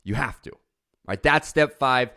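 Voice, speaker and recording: A man's voice: medium pitch, a little slow, bright, forceful tone. A man giving a passionate, emphatic motivational talk. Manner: passionate, emphatic, mocking voice at the start. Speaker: motivational speaker.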